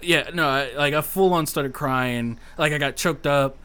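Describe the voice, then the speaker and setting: A man's voice: a little high, measured pace, clear, resonant tone. A man in his thirties, a podcast guest, telling stories in casual chat and swearing freely. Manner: animated storyteller, swears freely, self-deprecating.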